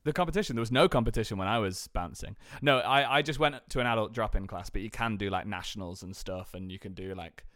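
A man's voice: lowish voice, fast, few pauses, a bit bright, dry recording, clean studio sound. A man co-hosting a podcast, joking around in casual chat. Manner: playful, jokey. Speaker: podcast co-host.

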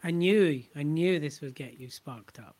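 A podcast co-host from England chats casually and teases his guests. His voice is pitched a little high for a man. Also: a little slow, a little mellow.

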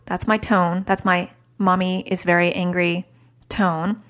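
A woman's voice: on the low side, flat delivery, a little slow, fairly bright tone. Chatty self-mocking woman podcast host. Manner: chatty and self-mocking, mixes advice with home stories. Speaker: podcast host and parenting coach. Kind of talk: casual podcast talk. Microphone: studio mic.

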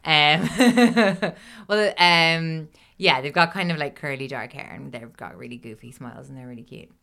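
This is a woman with a bright, forceful tone who sits a little low in pitch. She tells a story to her friends in loose podcast chat. She swears freely and fills her talk with little asides. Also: unhurried, gravelly. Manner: chatty and swearing, with frequent laughs and fillers. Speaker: podcast host telling the story.

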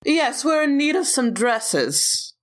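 A woman voicing a fashion-obsessed adventurer in a tabletop game, poised and a touch theatrical. Her voice is fairly high, and she borrows the genteel airs of whoever she is talking to. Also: sing-song, takes it slowly, heavily acted. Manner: mock-genteel, picks up the accent of whoever she talks to.

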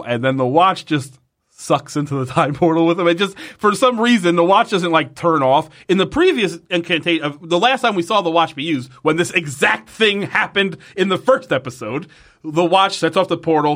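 A man hosting a podcast, casually recapping an episode, animated and swearing as he gets worked up. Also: a little high. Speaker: podcast host.

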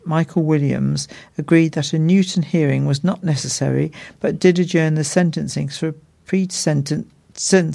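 A man reading a court news report in a measured, formal way. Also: fairly high pitch, gravelly, a little mellow. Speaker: news reader.

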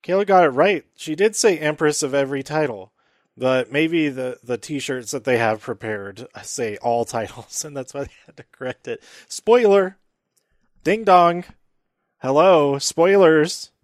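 Male podcast host, chatty and rambling, mid-pitched, recorded dry and close. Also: animated, moderate pace, dry recording. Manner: rambling, many fillers, laughs at own jokes. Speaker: podcast host recapping wrestling. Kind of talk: casual solo recap.

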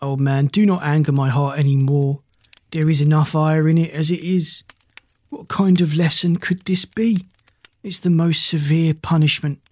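A grief-stricken, short-tempered farmer, voiced by a storybook narrator, cries out at the heavens and snaps at strangers. The tone is husky and breathy. It is recorded dry and close, with no room around it. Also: mid-range voice, level tone, moderate pace, darkish tone, no room sound, close to an everyday voice. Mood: angry. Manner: wailing, annoyed complaints. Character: distraught hard-working male farmer, grieving and quick-tempered.

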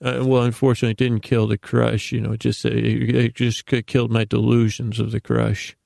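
Podcast host, male, creaky voice, dry close sound, meandering self-deprecating monologue. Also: mid-range voice, completely flat delivery, a little fast, a little mellow, no echo. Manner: meandering, self-deprecating, stumbles and repeats words. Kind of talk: rambling bedtime monologue.

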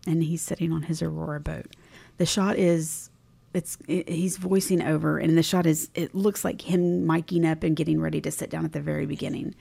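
Woman podcast cohost, low gravelly voice, kinda husky, walking thru scenes. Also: fairly even intonation, brisk. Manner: recounts scenes, quoting lines softly. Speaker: podcast co-host. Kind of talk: casual recap chat.

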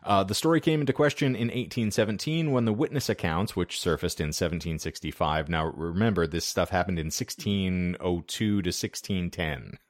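A man's voice: deep voice, moderate pace, few pauses, no echo, clean studio sound. A man co-hosting a casual podcast, walking through his research notes in a wry, chatty way with lots of fillers. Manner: wry, conversational, with frequent fillers. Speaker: podcast co-host presenting the episode's research. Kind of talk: casual podcast history talk, partly read from notes. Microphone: remote call setup.

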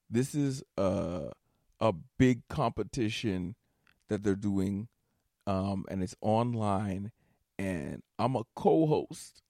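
A man delivers a solo comedy podcast rant in a low, rough, gravelly voice. He talks slowly and drags his words out, exasperated and cursing. The recording is close and dry, with no room sound. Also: a little mellow, no room sound. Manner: exasperated, swears often, breaks into nervous laughter. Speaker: stand-up comedian and podcast host.

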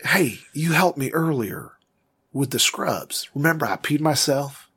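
A man's voice: on the high side, expressive, a little slow, a bit bright, a little hiss or hum. A man playing a comic character in a tabletop role-playing game, rambling and hesitant. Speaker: player.

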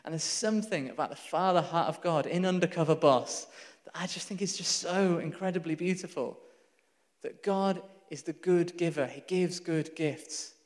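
A man preaching a sermon, telling a story in a lively, conversational way with laughs and asides. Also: on the high side, moderate pace, in a large hall.

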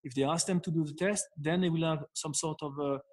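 A man with a manner giving advice in an interview, speaking haltingly with many fillers and restarts. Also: on the high side, fairly even intonation, darkish tone. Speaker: guest expert. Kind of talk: interview answer.

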